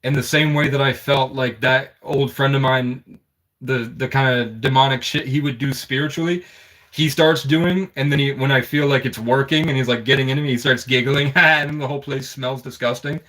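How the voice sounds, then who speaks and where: A man's voice: medium pitch, fairly even intonation, moderate pace, fairly bright tone. A man telling a personal story in an intense, rambling, conspiratorial monologue.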